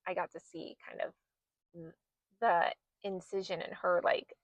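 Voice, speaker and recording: A young woman hosting a podcast, telling a personal story in a lively way and acting out what people said. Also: on the low side, a little slow, no room sound, highs cut off. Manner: animated retelling, quoting herself and others. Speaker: podcast host.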